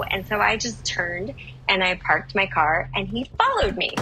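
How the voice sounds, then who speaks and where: A woman telling a comic story on a podcast, animated and swearing as she acts out the dialogue. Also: mid-range voice, moderate pace, slight background noise, poor audio. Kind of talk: comedic storytelling.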